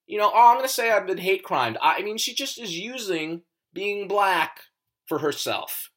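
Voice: mid-range voice, expressive, normal speed, fairly bright tone. A comedian ranting in a casual monologue, profane and emphatic, rambling with many restarts.

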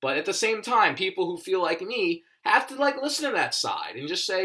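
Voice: medium pitch, big pitch swings, quick pace, hardly any pauses, bright, forceful tone. A comedian ranting in a casual monologue, profane and emphatic, rambling with many restarts.

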